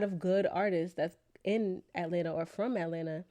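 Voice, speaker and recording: A woman from New York with a New York accent, co-hosting a podcast in casual, animated, slangy chat. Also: fairly low pitch, normal speed. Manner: chatty, animated storyteller with slang. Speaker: podcast co-host. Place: lives in Atlanta.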